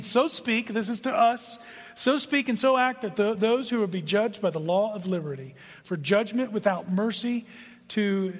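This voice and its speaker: High-voiced preaching man in a reverberant hall. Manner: earnest preaching, swings between hushed and emphatic. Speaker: pastor. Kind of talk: sermon.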